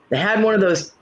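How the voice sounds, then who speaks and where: A man's voice: high-pitched, a bit bright, muffled recording. A man hosting a casual livestream chat from home, telling blunt, profane stories. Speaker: livestream host.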